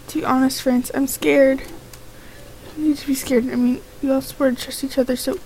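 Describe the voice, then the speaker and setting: A woman's voice: high-pitched, darkish tone, a little hiss or hum, low-quality recording. A woman playing a game on video, reading the characters' lines aloud in her own voice and breaking in with her own reactions. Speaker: let's play gamer.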